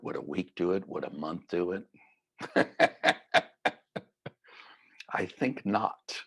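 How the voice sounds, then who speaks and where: A middle-aged man giving a reflective, gently conversational mindfulness talk. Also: sits low, gravelly, husky. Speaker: mindfulness teacher.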